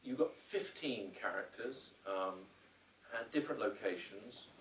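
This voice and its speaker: A man's voice: on the low side, a little slow, a little hiss or hum. A man who is a film director, answering audience questions at a live Q&A after a screening, rambling with hesitations and acting out quotes. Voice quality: rambling, full of restarts and hesitations. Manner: animated storyteller who acts out quotes. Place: cinema screening room. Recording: roomy hall, distant mic, faint ambience.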